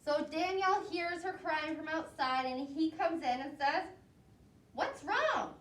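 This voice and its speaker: A woman preschool teacher reading a picture book aloud to young children, asking them questions as she goes. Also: high-pitched. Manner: slow, expressive, asks the children questions. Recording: roomy echo, voice from a distance, faint noise.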